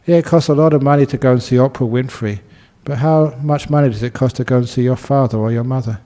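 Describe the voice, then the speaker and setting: Here a man, a Buddhist monk, talks fast in a mid-range voice. His dharma talk is easygoing and full of humor, built around a story and punctuated by frequent laughter.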